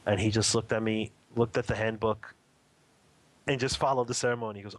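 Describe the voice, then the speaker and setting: Guy with a lowish voice telling a story on a radio interview, earnest, keeps rephrasing stuff as he goes. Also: steady tone, brisk. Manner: earnest, vivid storytelling, repeating and rephrasing as he describes what he saw. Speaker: spiritual teacher and interview guest.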